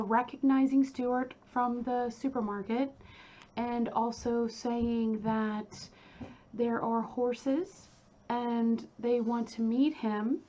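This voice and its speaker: A woman's voice: fairly high pitch, dark tone. A woman casually retelling a true crime case in blunt, informal language, on a dull lo-fi recording. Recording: dull lo-fi recording with faint ambience.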